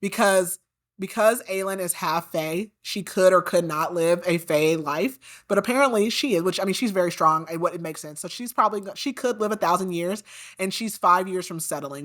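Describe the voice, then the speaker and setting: A woman with a fairly low, fairly bright voice recaps a book for her podcast at a moderate pace. Her style is easygoing and chatty, packed with "like" and indignant remarks about the characters.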